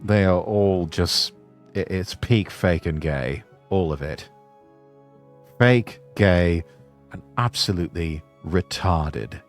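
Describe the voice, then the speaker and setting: A man hosting a casual stream chat, making deadpan, mock-formal remarks. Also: sits low, takes it slowly, soft background music. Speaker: streamer host.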